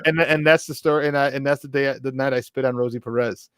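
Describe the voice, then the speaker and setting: A man co-hosting a sports talk show, telling a long story in a casual, animated way and jumping into the voices of the people he quotes. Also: mid-range voice, fast, clean tone, no room sound. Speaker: co-host. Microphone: remote mic, virtual studio.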